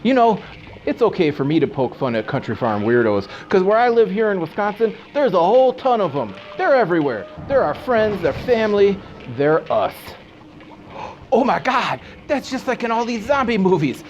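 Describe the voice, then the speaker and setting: A man's voice: high voice, very animated, moderate pace, soft background music. Goofy joking man hosting a horror show. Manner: goofy, joking, wry asides. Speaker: horror movie host. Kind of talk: comedic TV host banter. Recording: dull old home VHS tape, faint hiss.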